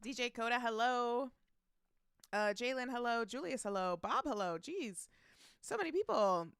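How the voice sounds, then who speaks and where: A woman's voice: fairly high pitch, normal speed, a bit bright, clear, resonant tone, no echo, clean studio sound. A woman streaming live, chatting casually, reading out chat messages and greeting viewers by name, laughing often.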